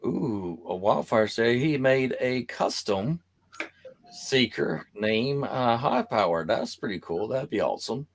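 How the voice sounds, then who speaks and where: A man hosting a casual video-call chat who rambles, laughs often and talks in an animated way. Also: medium pitch, slow pace. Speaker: host.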